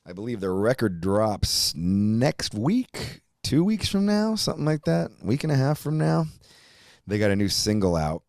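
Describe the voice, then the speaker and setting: Deep-voiced middle-aged dude hosting a podcast, swears a lot, rambles, dry close mic. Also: male voice, unhurried, creaky, no room sound. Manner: profane, rambling, animated storytelling. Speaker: podcast host. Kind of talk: casual chat.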